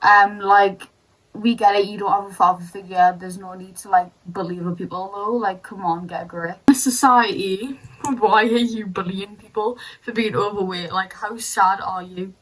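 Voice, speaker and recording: A woman's voice: medium pitch, fairly even intonation, moderate pace, poor audio. A young woman vlogger ranting bluntly and sarcastically while doing her makeup in casual chat. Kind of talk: get-ready-with-me ranting chat.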